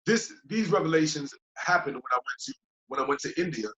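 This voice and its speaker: Heard on a dull lo-fi podcast recording, this male guest, a yoga teacher, speaks a little high and a little fast. He chats in a loose, repetitive, reflective way, often asking "you know what I mean" and performing his old thoughts in lively quoted voices.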